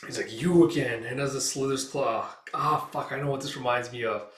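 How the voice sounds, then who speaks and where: A man's voice: mid-range voice, steady tone, brisk, pushed and bright, distant mic, a little hiss or hum. Rambling man in a roomy room. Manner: rambling, swears often. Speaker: host reading a manga aloud. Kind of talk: casual reaction commentary.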